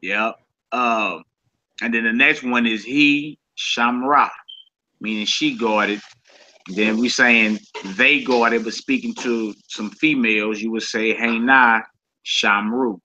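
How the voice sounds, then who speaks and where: A man's voice: mid-range voice, slow pace, pushed and bright, slight background noise. A man leading a casual group lesson in a laid-back, colloquial way, often repeating himself. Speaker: Hebrew teacher. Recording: dull lo-fi recording.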